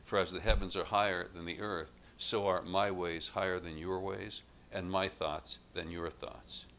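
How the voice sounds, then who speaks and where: A man preaching a sermon to his congregation, measured and emphatic, setting up contrasts and lifting his voice on quoted lines. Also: low voice, fairly even intonation, a bit bright, slight background noise.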